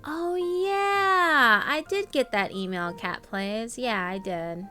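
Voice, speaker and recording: Bright-voiced woman chatting on a live stream. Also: mid-range voice, animated, measured pace, faint music behind. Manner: chatty, reads out viewer names, filler-heavy. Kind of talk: casual live-stream chat.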